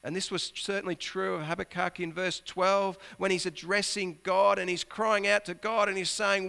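A man's voice: sits high, level tone, moderate pace, vocal fry, hardly any pauses, sharp tone, clean tone. A man preaching a sermon as pastor, earnest, climbing to emphatic peaks and sinking to near-whispers.

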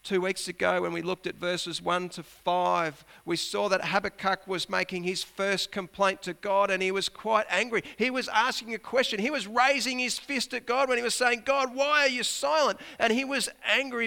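A man's voice: high-pitched, steady tone, normal speed, creaky, hardly any pauses, sharp tone. A man preaching a sermon as pastor, earnest, climbing to emphatic peaks and sinking to near-whispers.

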